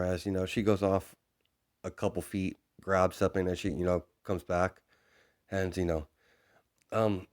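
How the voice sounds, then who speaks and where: Man, low deep voice, rambling improvised storytelling, lots of fillers and asides. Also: flat delivery, moderate pace, long pauses, a little mellow. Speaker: fan fiction storyteller.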